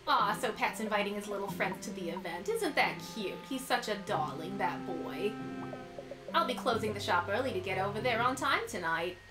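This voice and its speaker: A woman's voice: medium pitch, natural voice. A woman voicing a brassy old grandma who runs an antique shop, in a put-on New York accent and folksy manner full of pet names. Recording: echoey room with music behind.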